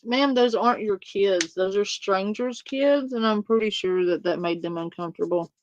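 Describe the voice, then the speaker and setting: A woman's voice: medium pitch, normal speed, dry recording, highs cut off. A woman streamer giving casual reaction commentary to a clip, incredulous and swearing freely as she mimics what others said.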